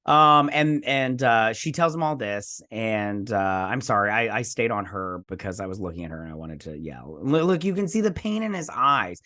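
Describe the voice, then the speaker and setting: A man hosting a review show, recapping an episode casually, chatty and animated, with lots of fillers as he acts out the characters' lines. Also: on the low side, moderate pace, hardly any pauses. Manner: frequent fillers like "like" and "you know".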